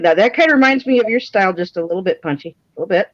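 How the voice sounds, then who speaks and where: A woman's voice: mid-range voice, expressive, rapid-fire, no room sound. Woman, casual folksy artist guest, chatty and self-deprecating, dry lo-fi livestream sound. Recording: dry, dull lo-fi stream audio.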